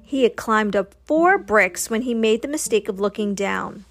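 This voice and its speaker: A woman reading a children's storybook aloud in a slow, gentle, expressive way. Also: mid-range voice, soft background music. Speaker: storybook narrator.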